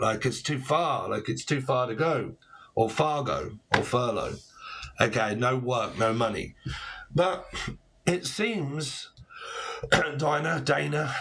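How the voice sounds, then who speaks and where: Unhurried and medium-pitched, this tarot reader has vocal fry and a fairly bright tone. He's in his forties and meanders through the reading with wordplay and plenty of cursing.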